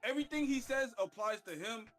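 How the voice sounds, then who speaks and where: Excitable high-voiced man, stumbling restarts. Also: fairly quick, faint music behind. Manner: excitable, repeats himself, lots of filler. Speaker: podcast co-host. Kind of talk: casual chat.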